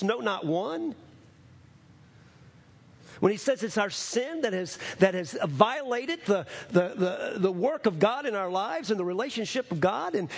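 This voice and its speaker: Gravelly, husky preaching man. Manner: preaching with swings between loud emphasis and low, drawn-out phrases. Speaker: pastor. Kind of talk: sermon.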